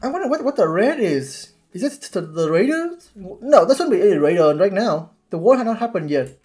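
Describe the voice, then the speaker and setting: A man giving casual commentary while watching a series, excitable and halting with many restarts. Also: high-pitched, faint music behind. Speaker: YouTube reactor.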